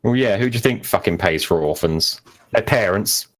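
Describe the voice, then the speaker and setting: A man's voice: lowish voice, moderate pace. A man narrating as game master of a tabletop game, laid-back and sweary.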